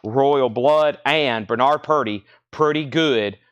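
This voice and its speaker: Brisk man selling records live. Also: medium pitch, fairly bright tone, smooth. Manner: brisk, chatty auctioneer-style listing of prices. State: slightly choked, coughing. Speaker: livestream record seller. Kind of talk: live sales stream. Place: indoor record shop.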